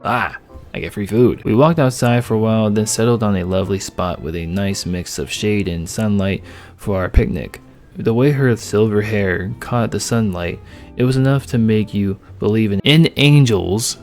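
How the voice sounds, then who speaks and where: A man's voice: lowish voice, moderate pace, darkish tone, soft background music. A young man joking crudely as he plays and reads aloud a dating game. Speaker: gamer narrating a dating game. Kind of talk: let's play narration.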